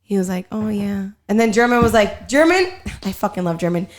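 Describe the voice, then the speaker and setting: A young woman hosting a podcast, telling a family story in a casual, animated way and swearing freely. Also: medium pitch, fairly quick. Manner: animated, profane storyteller, quotes herself and others. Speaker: podcast host.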